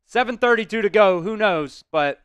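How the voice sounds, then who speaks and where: A man's voice: high-pitched, expressive, normal speed, fairly bright tone, clear, resonant tone, dry recording. A man hosting a live fan stream, giving blunt, frustrated play-by-play with some swearing.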